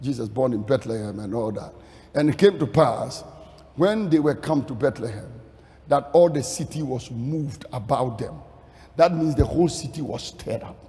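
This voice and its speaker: A man preaching a sermon dramatically, dropping to a hush and then rising to sing-song shouts. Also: mid-range voice, lively intonation, moderate pace, in a large hall.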